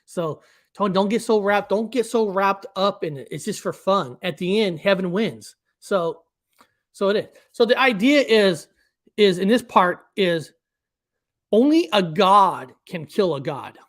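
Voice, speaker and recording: A man's voice: high-pitched, expressive, unhurried. A man hosting and explaining his own cartoon, speaking in a rambling way with frequent restarts. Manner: rambling, with many restarts and repeated words. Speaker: cartoon creator and host. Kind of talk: casual commentary.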